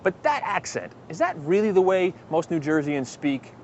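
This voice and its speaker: A male host narrating a local news feature and chatting with people on the street, upbeat and lively. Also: fairly high pitch, moderate pace, muffled recording, noisy background.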